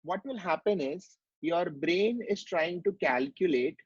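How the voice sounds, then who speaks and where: A man's voice: a little high, animated, measured pace, darkish tone, husky, dry recording, dull audio. A man giving a medical lecture, explaining step by step and asking rhetorical questions.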